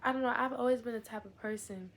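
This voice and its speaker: A woman's voice: fairly high pitch, steady tone, fast talker, a little hiss or hum. A young woman vlogging in casual, candid chat, rambling on with asides and fillers.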